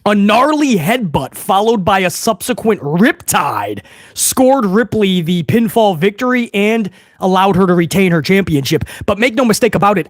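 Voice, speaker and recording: A man giving a casual, excitable wrestling recap, sarcastic and swearing freely, with frequent restarts. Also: sits high, normal speed, dry recording, studio quality. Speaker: wrestling commentary vlogger.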